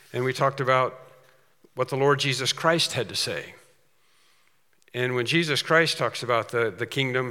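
A man preaching a sermon in a conversational way, often restarting his sentences and slowing down to read scripture with weight. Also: medium pitch, bright, forceful tone. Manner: conversational, with repeated restarts and dramatic slowed scripture reading. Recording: long hall reverb.

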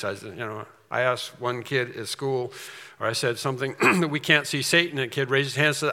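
A man's voice: mid-range voice, steady tone, fast talker, bright, forceful tone, big-room sound. A man preaching a sermon as a pastor, earnest and emphatic, with storytelling asides.

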